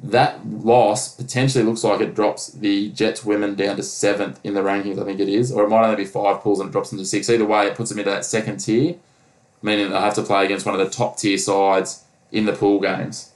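A man's voice: lowish voice, level tone, fairly quick, low-quality recording. A man co-hosting a casual sports podcast, rambling with lots of fillers. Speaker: podcast co-host.

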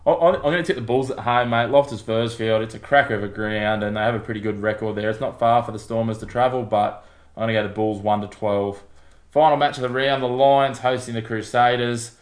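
At medium pitch and a fairly quick pace, an Australian man co-hosts a laid-back sports podcast. He chats in a matey, easygoing way, rambling and using lots of fillers.

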